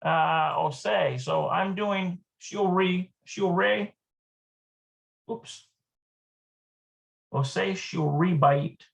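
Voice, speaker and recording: A Hebrew teacher giving a live online lesson, thinking aloud, hesitant and repeating words slowly. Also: medium pitch, gravelly.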